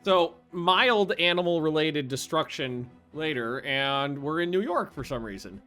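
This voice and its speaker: A chatty man narrating his strategy game as he plays, thinking aloud and getting excited easily. His voice is bright and a touch high. Soft music runs quietly behind him. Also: measured pace. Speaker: video game streamer. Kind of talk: casual let's-play commentary.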